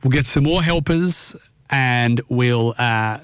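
A man's voice: mid-range voice, slow pace, smooth, dry recording, clean studio sound. A man co-hosting a comedy podcast, patiently trying to keep things on track. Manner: exasperated, keeps things polite. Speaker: podcast co-host.

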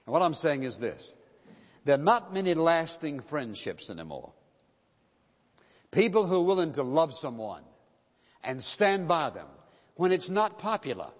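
Preacher with a raised voice in a reverberant hall. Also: male voice, on the high side, big pitch swings, a little slow, pauses often. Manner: expository preaching, reads scripture then challenges hearers. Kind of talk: sermon. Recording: dull sound with long reverb of a hall.

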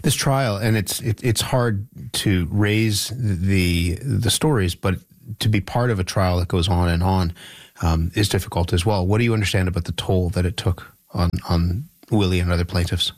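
A man hosts an interview in a very low, deep voice. He asks measured questions and sometimes restarts a phrase. The sound is dry and close. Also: dry recording. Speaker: interviewer host. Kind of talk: radio interview.

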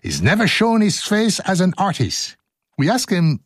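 Playful, lively-voiced male radio host. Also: sits high, measured pace, no echo, studio quality. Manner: playful, joking, laughing at his own slips. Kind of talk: studio outtakes, reading script with ad-libs.

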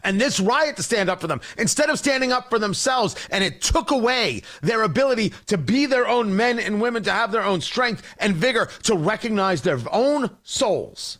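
A man's voice: high-pitched, lively intonation, moderate pace, hardly any pauses, fairly bright tone. A man hosting a talk show, delivering an impassioned, sarcastic opinion monologue.

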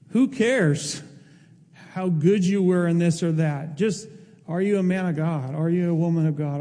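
A man's voice: high-pitched, mellow, long reverb tail. A man, a pastor, delivering an emphatic, emotional sermon. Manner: emotional, emphatic preaching with rising intensity.

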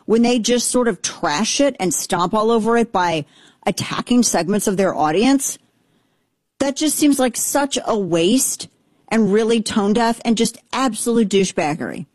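A woman's voice: on the high side, animated, a little slow, a little mellow, no room sound. A woman in her thirties hosting a talk show, giving casual political commentary with rambling asides and blunt sarcasm. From Texas.

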